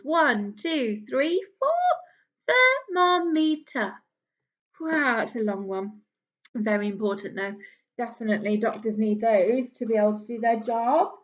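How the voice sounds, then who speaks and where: A fairly high-voiced woman leads young children through a phonics lesson. She speaks very slowly and stretches each word out, using a gentle, encouraging sing-song tone. The recording is a bit dull and lo-fi. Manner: slow, drawn-out enunciation of each word. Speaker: early years teacher.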